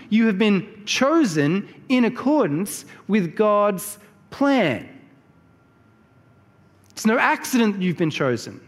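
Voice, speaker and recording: A man with a high voice delivers a sermon, working through the text phrase by phrase and pausing to ask his listeners if they follow. His voice rings out with a long, lingering reverb, as in a large church hall. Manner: explains verse by verse, checks in with the listeners. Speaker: preacher.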